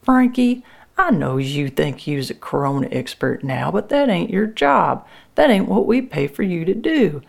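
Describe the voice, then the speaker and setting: A woman's voice: sits low, very animated, normal speed, creaky, exaggerated voice. A woman voicing a pushy male factory boss who brushes off worries in folksy dialect. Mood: dismissive.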